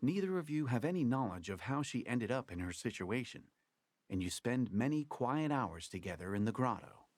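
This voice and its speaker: A lively storybook game narrator. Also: male voice, medium pitch, moderate pace. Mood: storytelling. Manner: theatrical, storytelling game-master delivery. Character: wry male game master narrating a card tale. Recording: game audio with faint music underneath.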